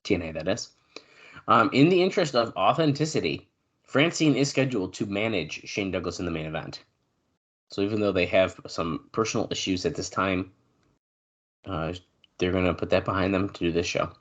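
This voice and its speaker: A man co-hosting a podcast in casual chat, reading news notes aloud with fillers and now and then clearing his throat. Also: low voice, expressive, a little fast, a bit bright. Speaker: podcast co-host.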